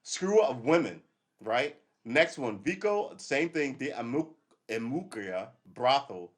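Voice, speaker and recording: A man's voice: medium pitch, very animated, measured pace. A middle-aged man, a retired police officer who hosts a casual livestream and talks bluntly, swears freely and often laughs. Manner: blunt, profane, laughs often, restarts a lot.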